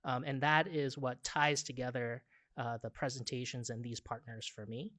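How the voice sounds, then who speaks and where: A man's voice: medium pitch, flat delivery, moderate pace, fairly bright tone, no room sound. Blunt man with a Boston accent. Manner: blunt, emphatic, frequent "right?". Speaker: symposium organizer introducing speakers. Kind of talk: conference talk.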